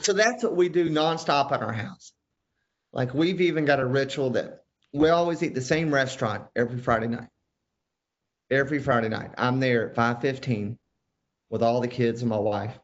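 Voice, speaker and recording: A man telling family stories as a podcast guest, animated and jumping into other people's voices. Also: mid-range voice, normal speed, dull audio. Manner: animated storyteller who acts out family members' voices. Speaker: guest, father of five. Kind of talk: storytelling in conversation.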